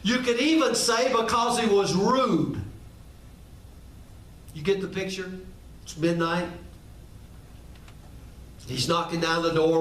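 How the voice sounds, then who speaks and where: A man's voice: high-pitched, takes it slowly, long pauses, a bit bright. A male pastor preaching a sermon, emphatic and often asking the congregation rhetorical questions. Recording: echoey room, mic at a distance.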